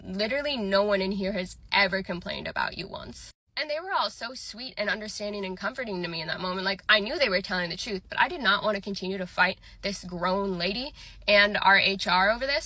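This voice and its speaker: A woman's voice: mid-range voice, pushed and bright, no echo. A young woman telling a casual story about her workplace, chatty and full of "like". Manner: chatty, filler-heavy "like".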